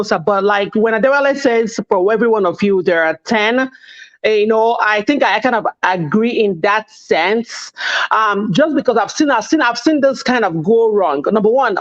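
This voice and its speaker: Woman co-host in her thirties, mid-pitched, chatty and rambling, recorded on slightly muffled audio. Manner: rambling, many restarts and "you see what I'm saying". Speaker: podcast co-host. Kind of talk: casual panel discussion.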